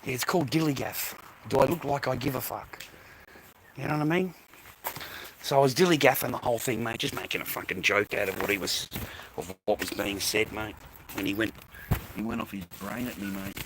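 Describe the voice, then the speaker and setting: A man's voice: on the low side, brisk, fairly bright tone, a little hiss or hum, poor audio. A middle-aged Australian man vlogging in a profane, rambling, blokey way and laughing often. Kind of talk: casual rambling monologue.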